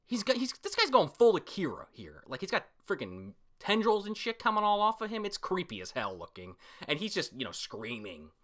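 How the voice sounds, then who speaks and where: A man giving casual reaction commentary on a comic chapter. He talks excitably, swears often, and bursts into shouts. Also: fairly low pitch, normal speed. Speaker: comic reviewer.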